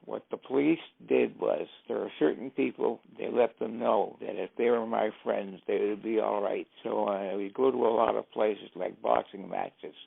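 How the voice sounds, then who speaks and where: Gravelly older man telling stories. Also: on the low side. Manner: anecdotal, acts out quoted speech. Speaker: interviewee, former driver and informant. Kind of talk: storytelling interview. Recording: tinny, phone-like sound.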